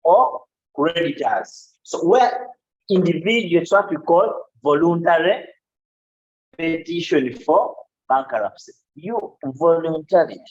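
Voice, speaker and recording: Slow-paced man lecturing law. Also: fairly high pitch, expressive. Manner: explains slowly, with frequent "okay?" checks and asides. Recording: dull, lo-fi classroom recording.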